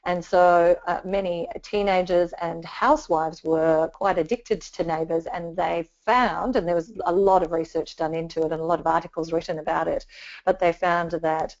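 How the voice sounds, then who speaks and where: A woman's voice: on the low side, steady tone, normal speed, darkish tone. A woman giving a communication training webinar, talking conversationally with lots of fillers and restarts. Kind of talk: webinar presentation. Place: home or office, remote webinar. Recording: dull lo-fi webinar audio.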